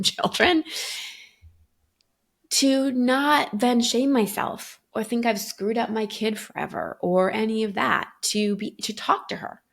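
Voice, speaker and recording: A woman's voice: mid-range voice, creaky. A middle-aged woman guest talking earnestly in a reflective podcast conversation, thinking aloud with many fillers. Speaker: guest coach.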